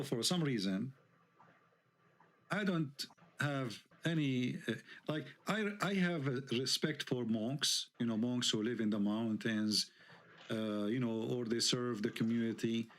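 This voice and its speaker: A man's voice: medium pitch, fairly bright tone. Indignant man. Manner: heated, indignant, rhetorical questions. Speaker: online show host. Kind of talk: live online debate talk.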